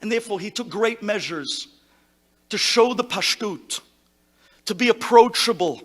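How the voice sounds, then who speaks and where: A man, a rabbi, giving an impassioned eulogy to a gathering, mixing Hebrew words into his English and swinging between loud exclamations and hushed tones. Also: sits high, animated, a little slow. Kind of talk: memorial speech to a gathering.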